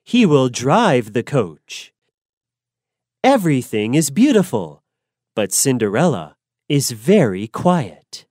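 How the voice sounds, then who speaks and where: A woman narrating a simple storybook slowly and clearly for learners, deliberate and expressive. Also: very deep voice, no room sound, clean studio sound.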